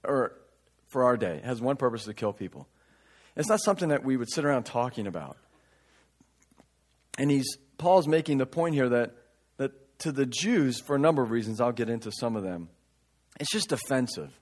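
A man preaching a conversational sermon, reading scripture and breaking into casual asides, swinging between loud emphatic lines and quiet remarks. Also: mid-range voice, expressive, moderate pace, long pauses. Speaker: pastor.

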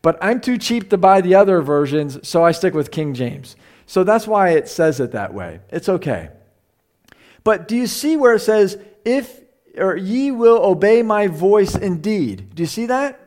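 A man's voice: high-pitched, sing-song, a little slow, a little mellow. Chatty man teaching a Bible class. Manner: chatty, repeats himself, asks the room questions.

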